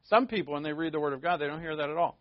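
A man's voice: a little high, racing, dry recording. A man preaching a conversational sermon, full of rhetorical questions and informal asides. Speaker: pastor. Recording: dull lo-fi dry recording.

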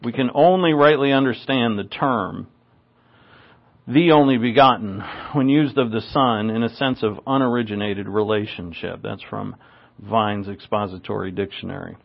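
A man teaching verse by verse from the Bible, stressing key words and often clearing his throat. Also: lowish voice, moderate pace. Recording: slightly dull lo-fi sound.

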